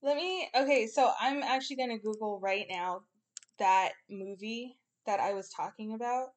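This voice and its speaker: Giggly, bright-voiced woman podcast co-host. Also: a little high, normal speed. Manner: giggly, animated, jumps between topics. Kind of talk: casual chat.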